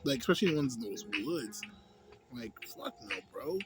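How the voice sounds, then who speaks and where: A man's voice: medium pitch, expressive, normal speed. A man casually rambling through a movie review, slangy and profane, full of filler tags. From a city. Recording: music playing loudly behind.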